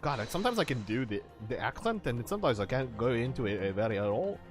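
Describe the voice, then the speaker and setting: A man's voice: mid-range voice, lively intonation, fast, soft background music. A man streaming a game, making casual, swearing, self-mocking asides.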